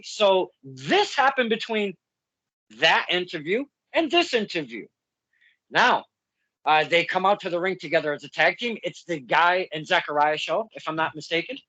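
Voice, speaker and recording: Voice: medium pitch, bright, forceful tone, husky, no room sound, low-quality recording. A podcast host conducting a casual interview, talking animatedly and often laughing mid-sentence.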